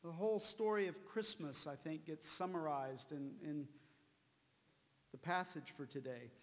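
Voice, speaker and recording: A man preaching a sermon, slow and deliberate, repeating key words for emphasis. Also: on the high side, big-room sound. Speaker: pastor.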